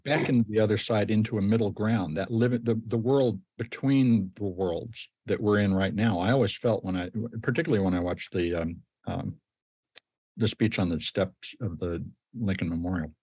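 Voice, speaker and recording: A man's voice: lowish voice, moderate pace, a little mellow, breathy edge, no echo. A man hosting a podcast, asking earnest questions and murmuring agreement as his guest talks. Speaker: podcast host. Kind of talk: interview conversation.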